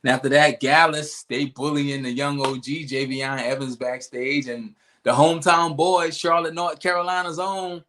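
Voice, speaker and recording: Playful man recapping wrestling, slightly high voice. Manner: lively storytelling, playful asides. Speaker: podcast co-host. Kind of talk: casual wrestling recap chat.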